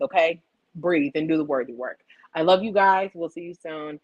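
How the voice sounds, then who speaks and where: A woman hosting a weekly affirmation stream, talking in a lively, playful, preacherly way as she closes with announcements and blessings. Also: on the low side, normal speed, dull audio. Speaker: host of a weekly affirmation livestream. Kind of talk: casual spiritual talk.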